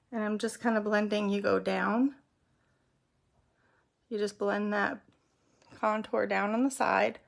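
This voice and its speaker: Middle-aged woman, makeup tutorial host, casual step-by-step chat, gravelly edge. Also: medium pitch. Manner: chatty, explains step by step while applying makeup. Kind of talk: casual how-to demonstration.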